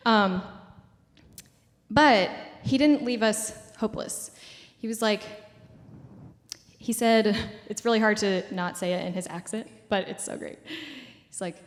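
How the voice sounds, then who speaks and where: A woman's voice: mid-range voice, measured pace, in a large hall. A woman in her twenties giving a casual public talk at a community event, full of "like" and "um" fillers. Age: 20s.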